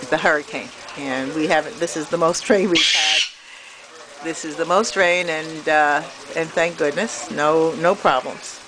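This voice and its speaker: Middle-aged woman, slow lowish voice, baby talk to pet birds, camera audio with rain noise. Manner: sing-song baby talk to birds, with frequent laughs. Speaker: bird owner filming her pet birds. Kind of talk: casual talk to pets. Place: outdoors on a porch in the rain. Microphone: handheld camera. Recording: noisy outdoor camera audio. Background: rain and bird sounds.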